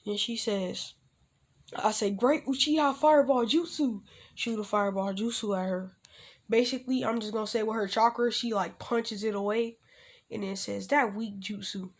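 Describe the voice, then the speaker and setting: A man's voice: sits high, steady tone, normal speed. A young man casually telling a self-insert fan story, rambling with lots of restarts and loosely acting out the characters' lines. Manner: rambling, with frequent restarts and fillers like "basically" and "like".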